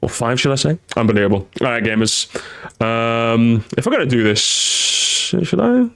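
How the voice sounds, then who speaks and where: A young man chatting casually on a live stream. He is jokey and animated, and now and then jumps into high, squeaky exclamations. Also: brisk, clear, resonant tone.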